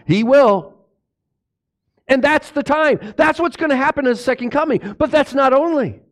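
A pastor preaches a sermon at normal speed, putting questions to the congregation. His delivery swings between hushed, low lines and loud exclamations.

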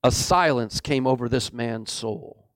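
A man preaching a sermon, swinging between booming exclamations and hushed, low passages. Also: measured pace, no echo, studio quality. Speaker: pastor.

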